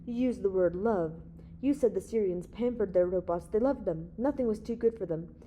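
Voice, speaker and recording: A woman reading the part of a young male space hero who lays out his case in a calm, authoritative, reasoning way. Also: medium pitch, moderate pace, slight background noise, close to an everyday voice. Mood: confident, reasoning.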